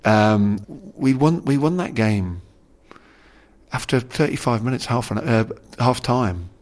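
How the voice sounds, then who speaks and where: A middle-aged man, a former rugby player, talks through his memories as an interview guest. His voice sits at an ordinary middle pitch. He rambles, restarts his sentences and leans on "you know". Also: expressive, unhurried, a little mellow. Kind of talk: casual conversational interview.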